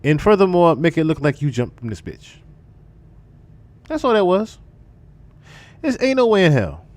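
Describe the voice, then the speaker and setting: Man streamer, lively swooping pitch, profane, repetitive casual commentary. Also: normal speed. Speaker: livestream commentator.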